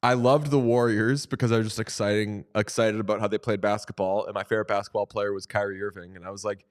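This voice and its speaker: A man's voice: fairly low pitch, flat delivery. A man co-hosting a casual hockey podcast, joking around and slipping into mock quotes. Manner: jokey, quick asides and mock quotes. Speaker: podcast co-host.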